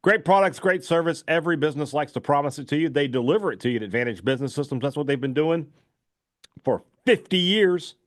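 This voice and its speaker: A man's voice: fairly high pitch, rapid-fire, hardly any pauses, no echo, clean studio sound. A man hosting a sports talk radio show, reading sponsor ads in a loose, chatty way full of fillers. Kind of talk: casual radio talk with live ad reads.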